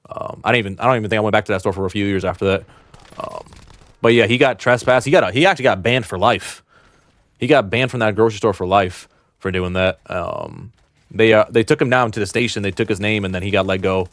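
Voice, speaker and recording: Fast-talking slangy young man. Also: fairly low pitch, no room sound, studio quality. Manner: slangy, blunt, animated retelling. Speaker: storytime vlogger. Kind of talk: casual storytelling to camera.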